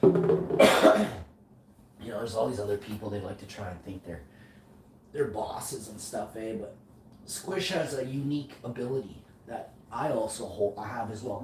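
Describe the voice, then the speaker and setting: A man's voice: lowish voice, moderate pace. Boastful rambling male vlogger. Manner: boastful, rambling, with self-corrections and slang. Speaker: vlogger, channel host. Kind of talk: casual rambling monologue. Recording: echoey room, distant mic, faint noise.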